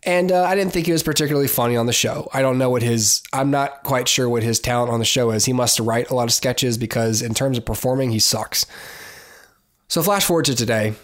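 A man's voice: mid-range voice, brisk. Man, podcast host, solo commentary, casual and rambling, blunt opinions, lots of ums and restarts. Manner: rambling, many fillers and restarts.

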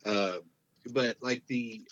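A man's voice: mid-range voice, fairly even intonation, takes it slowly, a bit bright. A man in his thirties, chatting casually, rambling with lots of fillers, restarts and swearing. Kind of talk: casual chat. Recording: dull lo-fi sound.

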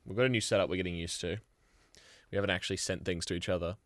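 Joking, offhand male co-host with a lowish voice, recorded dry. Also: steady tone, racing, dry recording. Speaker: podcast co-host. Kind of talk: casual chat.

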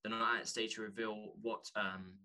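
Man for a guest spot, earnest and halting, fairly low and very bright tone. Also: little pitch movement, soft background music. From London, England. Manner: earnest, halting, restarts often. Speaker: podcast guest, author. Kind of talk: candid conversation.

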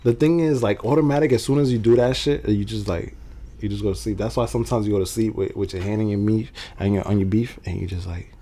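A man's voice: on the low side, mellow, a little hiss or hum. A man hosting a podcast, telling crude stories in loose casual banter. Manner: crude, rapid storytelling with laughs. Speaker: podcast host.

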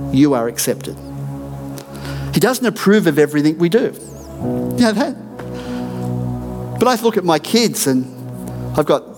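A middle-aged man, a senior pastor, preaching a sermon in an earnest, emphatic way with repeated declarations in a church. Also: on the high side. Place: church auditorium.

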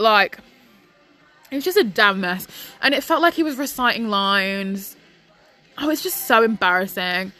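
A woman's voice: medium pitch, sharp tone. A young woman, bluntly ranting in a casual opinion chat as a vlogger.

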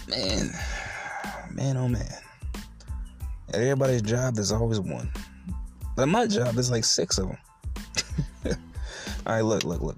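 Young male podcast host, low gravelly voice, foul-mouthed storyteller, faint music behind. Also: darkish tone. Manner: profane, laughing storyteller. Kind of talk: solo podcast rant.

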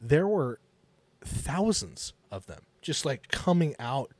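A man's voice: mid-range voice, very animated, slow, a little mellow, dry recording. A man in his forties co-hosting a podcast, telling rambling stories in casual chat and laughing often. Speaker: podcast co-host.

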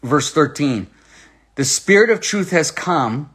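A man giving sermon-style Bible teaching, reading scripture aloud with slow stress and firing rhetorical questions at his listeners. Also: on the high side, expressive, fairly bright tone, husky.

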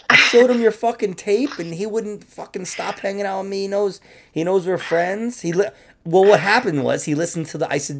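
A man's voice: sits high, a little fast. A man co-hosting a podcast, joking around with constant laughter and swearing. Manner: joking, profane, laughs often. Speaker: podcast co-host. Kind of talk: casual podcast banter.

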